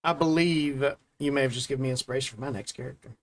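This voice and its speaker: A game master running an online tabletop game over a voice chat mic, with a quick, joking, loose way of narrating. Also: mid-range voice.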